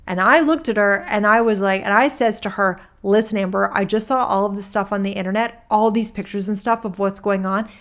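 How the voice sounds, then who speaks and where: In a natural mid-range voice, a woman reads a court transcript out loud. The character she voices is a man giving deposition testimony who talks casually, wanders, and keeps restarting his sentences.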